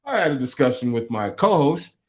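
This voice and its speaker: Animated, lively profane podcast co-host man. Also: mid-range voice, fairly quick. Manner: animated, profane storytelling with mocking impressions. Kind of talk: casual chat.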